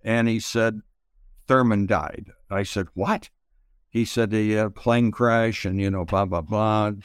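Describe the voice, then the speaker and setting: Slow-talking older man, smooth voice. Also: fairly low pitch, steady tone, no room sound, studio quality. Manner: halting, many pauses and fillers. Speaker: interview guest, retired pitcher. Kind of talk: slow reflective storytelling.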